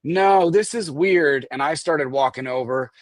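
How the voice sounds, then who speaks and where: A man as a guest, telling a story in casual talk, animated and swearing, acting out the people he quotes. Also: on the high side, a little slow. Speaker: guest recounting an event.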